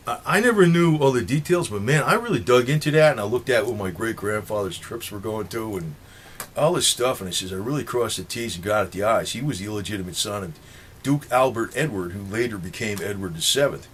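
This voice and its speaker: A man's voice: lowish voice, a bit bright, breathy edge. A man with a New Jersey accent rambling in a monologue to his viewers, swearing freely and chuckling between points. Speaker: political vlogger.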